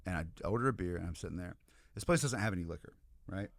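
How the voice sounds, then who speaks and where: An American man and podcast guest telling an animated, rambling story in casual chat, with many asides to the listeners. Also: deep voice, quick pace, gravelly, no room sound. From United States.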